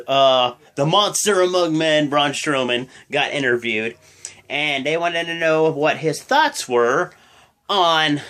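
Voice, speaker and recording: A man's voice: a little high, fairly bright tone. A young man chatting through a wrestling recap in a slightly raised voice. He rambles and leans on slang and filler words. His delivery stays casual and unscripted. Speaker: wrestling show reaction vlogger. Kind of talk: casual reaction commentary.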